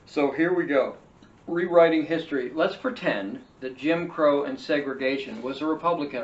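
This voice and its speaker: A man's voice: a little high, normal speed. A man hosting a political podcast, reading an article aloud and cutting in with sarcastic, mocking asides. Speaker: podcast host. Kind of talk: read-and-react political commentary. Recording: roomy, distant, dull lo-fi sound with faint hiss.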